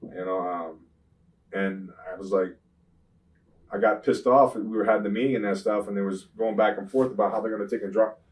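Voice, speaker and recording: An older man, a retired wrestler, telling rambling profane stories in an interview, often saying "you know what I'm saying" and getting loud when he retells fights. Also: lowish voice, fairly quick, recorded from a distance, rough recording. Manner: grows loud and animated when retelling confrontations. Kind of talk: shoot interview storytelling.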